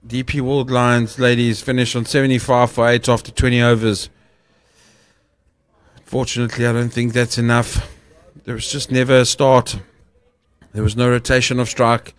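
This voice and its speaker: Male cricket commentator, mid pitch, dry close booth mic, measured analytical delivery. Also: flat delivery, clean tone, dry recording. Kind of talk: live sports commentary.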